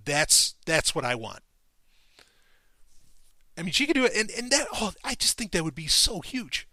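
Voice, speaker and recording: A man hosting a podcast, talking in a casual monologue, excitable and profane, his voice leaping up when he gets enthused. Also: fairly high pitch, no room sound. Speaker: podcast host.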